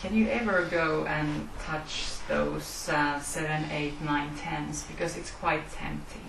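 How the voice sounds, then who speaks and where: A woman's voice: low-pitched, fairly even intonation, slow pace, vocal fry, fairly bright tone, far from the mic, a little hiss or hum. A woman at a retreat asking questions in a hesitant way, searching for words. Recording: echoey room, voice from afar.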